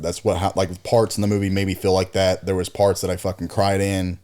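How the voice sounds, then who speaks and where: A man with a low voice chats on a podcast. He gets worked up over movies he loved, swears freely and says dude a lot. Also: little pitch movement, a little fast, few pauses, a little mellow. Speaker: podcast co-host. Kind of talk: casual chat.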